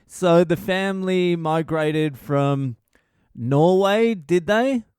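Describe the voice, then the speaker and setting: A man's voice: a little high, takes it slowly, darkish tone, smooth, dry recording, clean studio sound, voice pushed up. A man doing a raised voice for an earnest, middle-aged interviewer who fumbles through family history questions. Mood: questioning.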